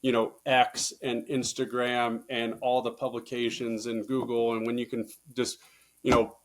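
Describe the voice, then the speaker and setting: A man, a baseball coach, talking through coaching stories in a casual interview, getting louder and higher when he presses a point and swearing casually. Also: little pitch movement, normal speed. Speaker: baseball coach, podcast guest. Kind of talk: casual conversational storytelling.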